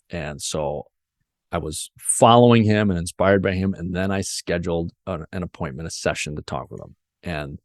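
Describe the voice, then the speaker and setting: A man's voice: low voice, dry recording, clean studio sound. A man hosting a podcast interview, telling a personal story earnestly and openly. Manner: earnest, emotional storytelling with restarts. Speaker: podcast host.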